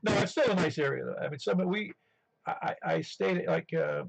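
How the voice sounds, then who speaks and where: A man's voice: on the high side, huge pitch swings, a little fast, vocal fry, slightly rough. A man from western New York chatting on a ham radio net, telling rambling stories full of restarts. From western New York, near Buffalo. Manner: rambling storyteller with many restarts. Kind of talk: casual radio chat. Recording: muffled radio audio.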